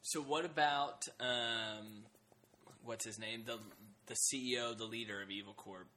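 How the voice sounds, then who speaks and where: Bright-voiced man with a hesitant podcast manner. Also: medium pitch, a little slow, a little hiss or hum. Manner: hesitant, many ums and restarts. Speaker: podcast co-host. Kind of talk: casual TV discussion.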